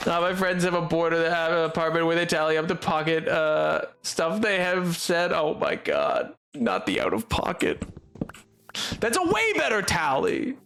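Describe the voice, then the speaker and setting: A young man chats casually with his stream audience, rambling and joking while interrupting himself with fillers and restarts. His voice is a little high, creaky, and somewhat bright.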